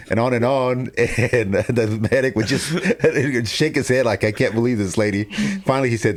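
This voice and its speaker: A man telling a family story in a casual, animated way, laughing often and acting out what people said. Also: lowish voice. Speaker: co-host telling his testimony.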